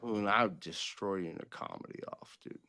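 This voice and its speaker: A man's voice: sits low, brisk, vocal fry, sharp tone, no echo. Jokey, teasing man on a stream. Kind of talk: casual stream chat.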